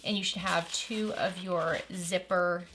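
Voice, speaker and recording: A woman's voice: on the low side, steady tone, unhurried, fairly bright tone, slight background noise. A woman narrating a step-by-step sewing tutorial in a friendly, practical way, walking the viewer through each stage. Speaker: sewing instructor.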